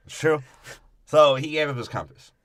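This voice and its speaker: A man's voice: on the high side, moderate pace, fairly bright tone. A man co-hosting a podcast, breaking down a movie in a crude, profane and mocking way. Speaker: podcast co-host.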